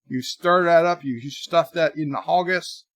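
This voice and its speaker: A man hosting a casual livestream, rambling through deadpan joke answers to viewer messages in a put-on mock accent. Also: on the high side, moderate pace, dry recording, studio quality. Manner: rambling, jokey deadpan nonsense. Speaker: livestream host.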